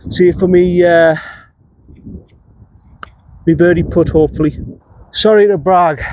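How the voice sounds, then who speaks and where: A man's voice: high-pitched, darkish tone. A man, a golf vlogger giving casual, chatty commentary while playing, talking to himself and swearing mildly. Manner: chatty, talks to himself, frequent mild swearing. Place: outdoors on a golf course. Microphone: phone camera.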